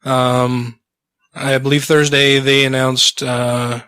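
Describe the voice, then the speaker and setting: A man's voice: medium pitch, flat delivery, takes it slowly, bright, forceful tone, dry recording. A man co-hosting a podcast in casual chat, joking and swearing, his voice slightly strained. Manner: loose, profane, chuckling. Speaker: podcast co-host.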